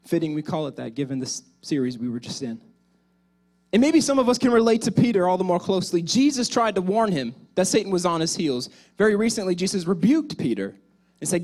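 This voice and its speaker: A man's voice: sits high, animated, a little fast. Dramatic male pastor preaching. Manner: dramatic, swings between loud exhortation and quiet asides; speaks directly to the congregation. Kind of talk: sermon.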